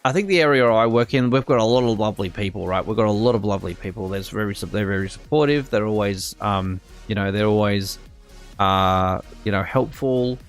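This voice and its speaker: A man's voice: on the low side, brisk, soft background music. A young Australian man telling a work story in a casual, rambling way, full of fillers and restarts and getting indignant. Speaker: streamer.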